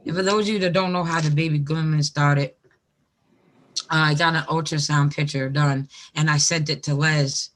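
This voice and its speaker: A woman's voice: deep voice, fairly even intonation, moderate pace. A woman in casual group chat, talking freely, swearing and laughing often.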